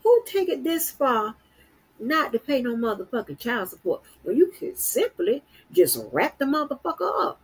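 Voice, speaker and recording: Middle-aged woman from Florida, husky and low-set, exasperated profane streamer whose pitch jumps wildly between muttering and outbursts. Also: very animated, moderate pace, low-quality recording. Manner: exasperated, swears constantly, swings from low mutter to high outbursts. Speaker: streamer commenting on news. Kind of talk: casual profane commentary.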